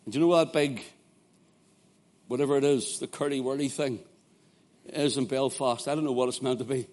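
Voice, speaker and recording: A man with a Northern Irish accent preaching a sermon, dropping from hushed storytelling to loud, fervent shouting. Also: mid-range voice, steady tone, normal speed.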